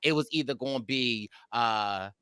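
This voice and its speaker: A man hosts a casual recap chat, his voice bright and forward. He rambles, restarts sentences and hunts for names as he talks. The sound is dry and close. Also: mid-range voice, measured pace, clean tone, no room sound. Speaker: podcast host.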